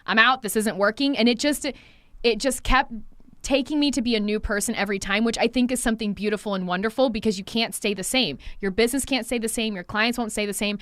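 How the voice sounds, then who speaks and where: A woman's voice: a little high, fast talker, no echo. Candid, swearing woman stylist. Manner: candid, swears freely, acts out past conversations. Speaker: hair stylist and coach. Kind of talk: casual podcast conversation.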